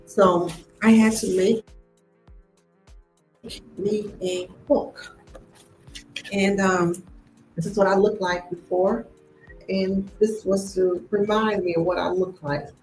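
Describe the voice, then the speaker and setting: A woman hosting a live stream, telling a personal story in a lively way and acting out the voices of the people in it. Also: medium pitch, slow pace, pauses often. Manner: animated, acts out the voices in her story. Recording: echoey room with faint music behind.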